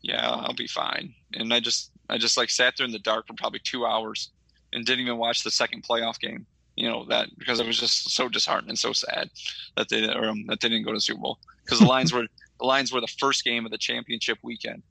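Middle-aged michigan guy rambling on a podcast, gravelly, super dry mic. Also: mid-range voice, fast talker, no echo, low-quality recording. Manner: rambling, animated storytelling with many fillers. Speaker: podcast co-host. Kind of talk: casual storytelling chat.

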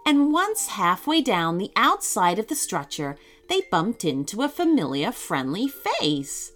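A woman reading a children's story aloud in a slow, expressive way. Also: mid-range voice, soft background music.

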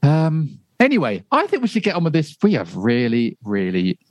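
Rambling, chuckling podcast host. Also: male voice, on the high side, huge pitch swings, normal speed, a little mellow. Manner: rambling, self-correcting, chuckling. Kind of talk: casual podcast chat.

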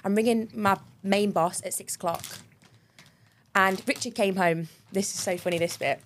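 A young woman chats on a podcast as a co-host. She tells her story in a lively, animated way, with frequent laughs and casual swearing. Her voice sits at an ordinary middle pitch for a woman. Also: moderate pace, slight background noise. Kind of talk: casual chat.

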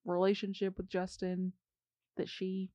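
A woman's voice: mid-range voice, monotone, measured pace, warm tone, no room sound, lo-fi sound. A young woman co-hosting a casual gossip chat, chatty and hedging, often trailing off mid-sentence. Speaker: podcast co-host.

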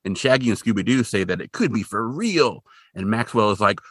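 A man co-hosting a podcast in casual chat, retelling a cartoon episode in an animated way and jumping into voices for the characters. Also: brisk, no echo, studio quality. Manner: animated storyteller, jumps into high voices for quoted characters.

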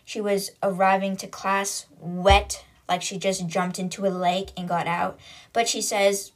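A woman hosts a book podcast and recaps the story in a relaxed, talkative way. Her voice sits at an ordinary middle pitch, and she keeps it conversational and loose, with frequent fillers as she paraphrases. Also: measured pace. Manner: chatty retelling with lots of "like" and paraphrase. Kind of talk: casual chapter recap.

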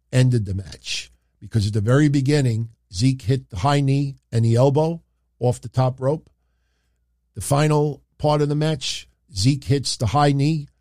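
A man's voice: mid-range voice, darkish tone, no room sound, clean studio sound. A man hosting a casual wrestling recap, chatting straight to his viewers with plenty of fillers. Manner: chatty, addresses the audience directly, many fillers. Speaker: wrestling show host.

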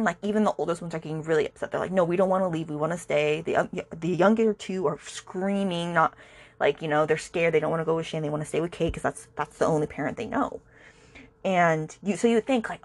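A woman hosting a book podcast, retelling a romance novel's plot in a chatty, animated way with lots of fillers. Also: low voice, moderate pace. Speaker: book review podcast host. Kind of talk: casual book recap.

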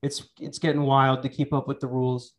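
A man with a medium pitch and level tone hosts a podcast at a brisk pace via a remote call mic. He chats crudely and casually, rambling, joking and often restarting what he's saying.

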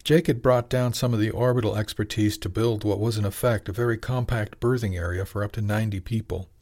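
A male audiobook narrator with a fairly low voice. He reads scripted narration at an even, measured pace.

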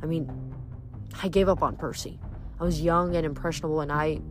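Brief: woman reading as a sullen, resentful teen boy demigod in a storybook, low-key and clipped, faint music. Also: fairly even intonation, brisk, lightly acted. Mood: raw. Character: bitter, withdrawn teenage boy demigod.

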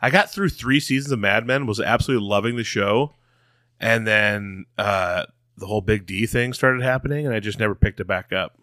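A male podcast co-host from Iowa talks in a laid-back, jokey way. His low voice has a bright, forceful edge. It is recorded dry and close. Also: a little fast, dry recording. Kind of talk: casual chat.

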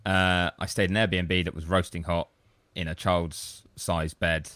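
A man's voice: low-pitched, flat delivery, unhurried, a bit bright, dry recording, clean studio sound. A man co-hosting a podcast, telling long, rambling, self-deprecating stories in casual chat. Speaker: podcast co-host.

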